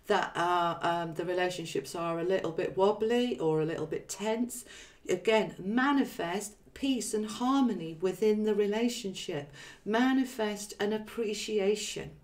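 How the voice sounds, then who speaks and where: A chatty woman hosts a live stream in a mid-range voice. She reads viewer comments aloud, laughs easily and shifts into earnest, encouraging teaching. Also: medium pitch. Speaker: live-stream host and spiritual reader.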